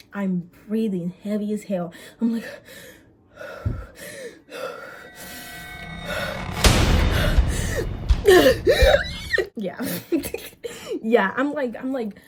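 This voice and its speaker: A young woman vlogger tells a story in casual chat, animated and swearing, mixing quick bursts with drawn-out words. Her mid-range voice is slightly rough.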